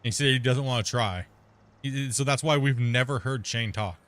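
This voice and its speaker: Male streamer host, rapid rambling casual talk, middle pitch. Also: a bit bright. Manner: talks extremely fast, rambling with many restarts. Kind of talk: casual gaming chat.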